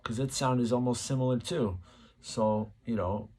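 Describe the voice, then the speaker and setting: A man's voice: medium pitch, fairly even intonation, normal speed, a little mellow, husky. A man hosting his channel, talking casually to camera and rambling as he muses aloud, with plenty of fillers. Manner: rambling, musing, many fillers. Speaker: channel host.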